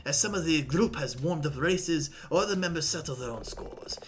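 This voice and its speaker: A woman's voice: low voice, animated, moderate pace. Woman putting on a pompous vain jet-setter man. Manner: obnoxious, affected vaguely French put-on accent. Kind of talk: voicing characters in a visual novel stream.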